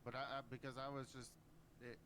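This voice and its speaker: A man's voice: mid-range voice, little pitch movement, quick pace, background noise. A man role-playing a bailiff in a game, asking careful questions with a hesitant manner. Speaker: roleplay bailiff. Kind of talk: in-character role-play chat.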